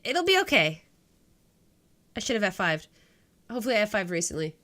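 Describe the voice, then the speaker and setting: A woman casually commenting on her space game while streaming live, jokey and excitable, chatting with viewers. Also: mid-range voice, brisk. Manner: jokey and excitable, talking to chat.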